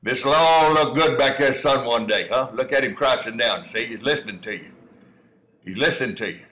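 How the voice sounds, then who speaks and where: This is a cowdog breeder, a middle-aged man, chatting over video of dog training with warm, homespun encouragement and the occasional "son." His mid-range voice sounds pushed and bright at a moderate pace, captured on a rough recording.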